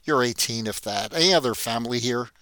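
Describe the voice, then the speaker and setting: A man's voice: mid-range voice, fairly quick, bright, forceful tone, no room sound, lightly acted. A man voicing a curt, domineering hotel boss. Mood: commanding. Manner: curt, commanding.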